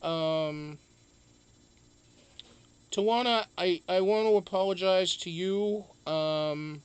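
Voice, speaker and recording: A man's voice: high-pitched, slow, clear, resonant tone. A man hosting a casual live stream, chatting loosely, greeting viewers one by one and swearing freely.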